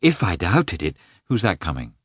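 A man's voice: deep voice, huge pitch swings, normal speed, husky, dry recording, studio quality, heavily acted. A man doing an entreating young officer. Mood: pleading. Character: earnest young male officer, pleading and uneasy. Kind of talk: audiobook character reading.

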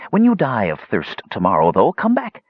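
A man voicing a menacing, bodiless dead wizard in an audiobook, with a rasping, hissing voice and slow, mocking delivery. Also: medium pitch, huge pitch swings, no room sound, dull audio, voice pushed up. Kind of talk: audiobook character voice.

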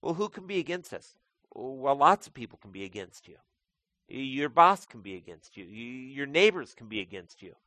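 A man's voice: medium pitch, very animated, moderate pace, sharp tone, no room sound. A man preaching a sermon as pastor, talking conversationally and calling his listeners folks.

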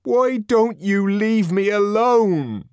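A man voicing a wild young male outcast who is cornered and furious, shouting in desperate anger. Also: sits high, lively intonation, takes it slowly, clean tone, no room sound, clean studio sound, voice pushed up. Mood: pleading.

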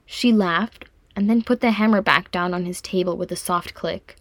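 A woman narrating a fan fiction audiobook with calm, even storytelling. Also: fairly low pitch, normal speed, dry recording. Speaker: audiobook reader.

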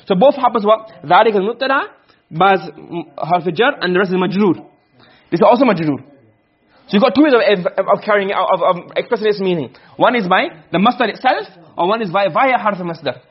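A man teaching a class, lecturing quickly and often checking with his students. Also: high-pitched, lively intonation, husky, highs cut off. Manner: quick, questioning students often, mixing Arabic terms. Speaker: teacher of Arabic rhetoric.

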